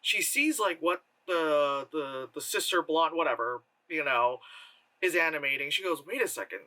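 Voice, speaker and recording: A man giving a casual spoken movie review, rambling and animated, with many fillers and laughs. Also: fairly high pitch, unhurried, rough recording.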